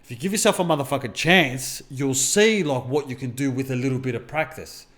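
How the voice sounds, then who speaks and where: A middle-aged podcast co-host and mindset coach tells stories about his own life in a casual chat, blunt and full of curses. He speaks fairly quickly in a mid-range voice that's a bit bright.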